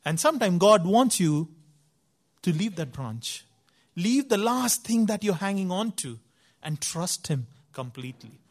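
Slow-talking earnest man preaching. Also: high voice, very animated. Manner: earnest, emphatic, acts out the story's voices. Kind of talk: sermon with storytelling.

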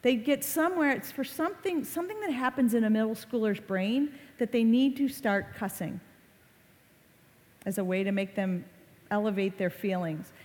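A woman's voice: on the high side, expressive, moderate pace, darkish tone. A woman in her forties giving a talk to a live audience, telling stories and acting out quotes. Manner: chatty storyteller, acts out quotes. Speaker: speaker on online reputation. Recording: reverberant hall.

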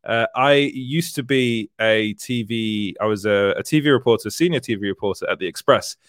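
A man's voice: fairly low pitch, normal speed, fairly bright tone, no echo, clean studio sound. A man hosting a casual livestream, reading out viewer comments and chatting, laughing often and rambling a little. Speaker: livestream host, entertainment journalist.

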